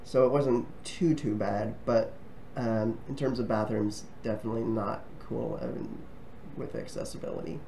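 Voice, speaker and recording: A man's voice: on the low side, steady tone, moderate pace, gravelly, hardly any pauses, warm tone, slight background noise. A man casually talking to camera as a travel vlogger, friendly and rambling, with frequent ums and restarts. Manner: friendly and chatty.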